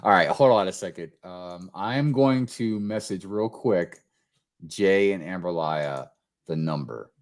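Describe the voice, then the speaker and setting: A man's voice: low-pitched, unhurried. A man hosting a live-stream chat show, exclaiming and apologizing in a sing-song way as he runs a giveaway. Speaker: host.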